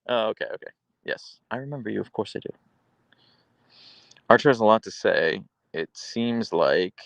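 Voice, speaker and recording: Male streamer reading chat, playful and teasing, low gravelly voice, dry close mic. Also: fairly bright tone, dry recording, highs cut off. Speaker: live streamer. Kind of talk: casual live-stream chat, reading comments aloud.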